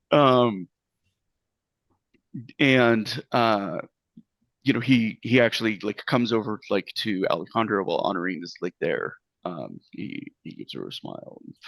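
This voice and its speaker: A man's voice: fairly low pitch, expressive, a little slow, creaky, pauses often, a bit bright, no room sound. A man narrating a tabletop game as game master, rambling with many fillers.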